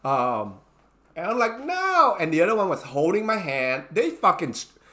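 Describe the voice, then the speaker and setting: A man telling a funny personal story in a casual, animated way. He stumbles through restarts and fillers and slips into the voices of people in the story. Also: fairly high pitch, normal speed. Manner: animated, acts out his own panicked lines; many fillers and restarts, non-native grammar. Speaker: channel host telling a story.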